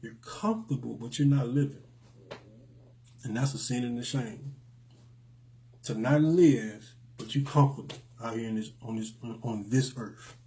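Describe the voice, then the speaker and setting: A man's voice: medium pitch, moderate pace, warm tone, rough recording. A middle-aged man, hosting a motivational live stream in an emphatic, preachy way and repeating lines for effect.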